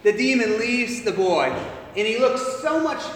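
A man's voice: very high-pitched, expressive, a little slow, a little hiss or hum. A man preaching a sermon, retelling a Bible story and acting out its voices with animation. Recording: echoey hall, recorded from far off.

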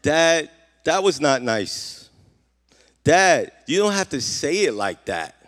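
A man's voice: a little high, big pitch swings, slow, a bit bright, heavily acted. A man voicing his young daughter as she scolds and corrects her dad during a sermon. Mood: scolding. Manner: pleading, correcting. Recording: reverberant hall.

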